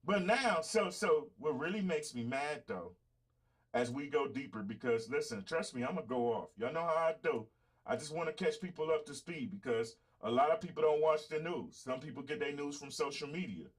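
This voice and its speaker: A man's voice: a little high, lively intonation, moderate pace, husky. A man hosting a livestreamed podcast, giving heated, profane commentary straight to his chat. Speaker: podcast host.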